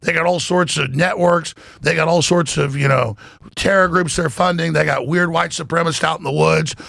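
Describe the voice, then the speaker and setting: A man talking as a podcast guest, animated and emphatic, swearing freely and acting out what others said. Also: fairly high pitch, normal speed, dry recording, clean studio sound. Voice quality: gravelly, husky. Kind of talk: excited podcast talk. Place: in Florida.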